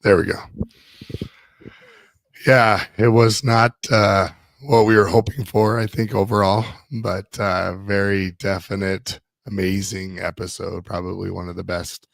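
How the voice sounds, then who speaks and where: Hoarse, very deep sick man. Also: level tone, no room sound. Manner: slow, laid-back, brief replies. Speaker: co-host and former race contestant. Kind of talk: casual live chat.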